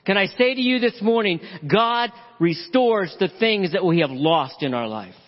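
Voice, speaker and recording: Man, pastor, high lively preaching voice, dull lo-fi sound, long hall echo. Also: normal speed. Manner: animated preaching, acts out the father's voice. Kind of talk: sermon.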